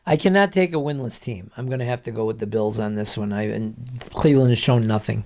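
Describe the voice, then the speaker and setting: A man as a guest sports analyst in a casual picks chat, measured and hesitant, with many restarts. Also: fairly low pitch, a little mellow.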